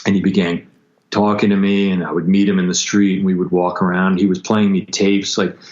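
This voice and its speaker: A man recounting a painful story as a podcast guest, intense and halting, with frequent restarts and acted-out quotes. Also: sits low, little pitch movement, a little mellow. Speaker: guest musician. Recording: dull lo-fi sound.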